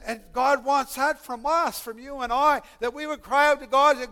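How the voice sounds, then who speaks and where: Male preacher, high and bright-toned, fervent and pleading sermon delivery, long hall reverb. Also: fairly even intonation, moderate pace, few pauses. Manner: earnest, pleading, rising to fervent calls.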